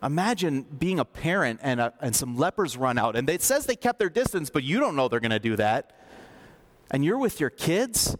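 A man with a fairly high voice preaches to his congregation. He keeps the sermon conversational and expressive, acting out the scenes he reads. He sinks to a low, soft voice to stress his points. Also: normal speed. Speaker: pastor.

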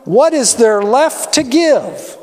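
A man voicing an aged, blind father in a grave, measured reading. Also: very high-pitched, big pitch swings, voice pushed up, heavily acted. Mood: solemn. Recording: long hall reverb.

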